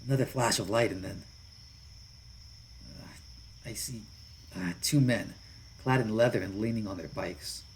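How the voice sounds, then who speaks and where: Man, low voice, reading a visual novel aloud, casual asides, faint background hiss. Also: measured pace, long pauses, poor audio. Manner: narrating with asides and chuckles. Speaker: visual novel let's player.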